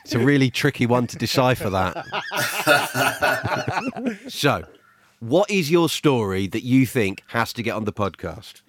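A man's voice: mid-range voice, lively intonation, a little slow, pauses often. A man co-hosting a podcast, interviewing a caller with wry jokes. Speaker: podcast co-host. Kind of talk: casual podcast chat.

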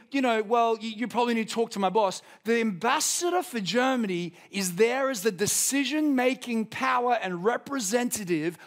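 An Australian man preaching a sermon with passion, swinging from loud emphasis to hushed, intense moments. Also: extremely high pitch. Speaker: pastor.

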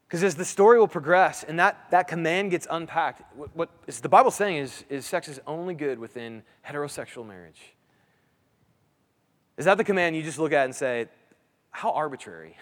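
A man in his thirties preaching a sermon in a conversational way, restarting phrases and asking his listeners "right?". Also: a little high. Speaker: pastor. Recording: long hall reverb.

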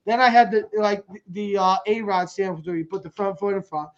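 Male podcast co-host, high pitch, playful storyteller, a bit lo-fi. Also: brisk. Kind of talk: casual storytelling chat.

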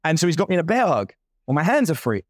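Animated man in his forties telling a story. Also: on the high side, quick pace, no echo, clean studio sound. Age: 40s. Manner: animated storyteller acting out other people's lines. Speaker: guest entrepreneur. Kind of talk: casual storytelling.

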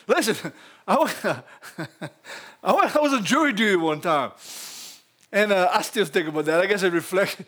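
A man preaching a sermon in a folksy, animated way, laughing often between lines. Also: high-pitched, a little slow, long pauses.

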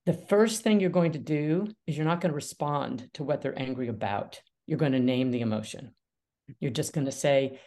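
Animated middle-aged woman, lowish voice. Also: moderate pace. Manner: lively, animated, laughs often, acts out dialogue. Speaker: guest, mediator and author. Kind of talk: podcast interview.

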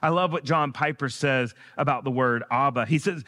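Earnest preacher in a reverberant church. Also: male voice, mid-range voice, pushed and bright. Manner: earnest, rising to emphatic peaks, slowing on key phrases. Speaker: guest preacher. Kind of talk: sermon. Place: church sanctuary.

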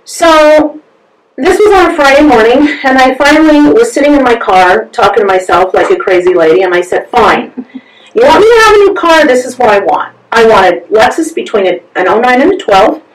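Lively, high-voiced woman telling a story. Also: brisk. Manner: acts out both sides of conversations, laughs often. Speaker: interview guest, massage therapist. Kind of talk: animated storytelling. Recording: roomy sound from a distance.

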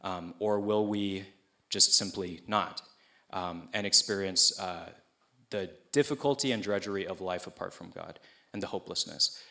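A man's voice: deep voice, moderate pace, vocal fry, bright, forceful tone. A man preaching a sermon to students in a casual, conversational way, often checking in with his listeners. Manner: casual youth-pastor delivery, checks in with listeners. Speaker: pastor.

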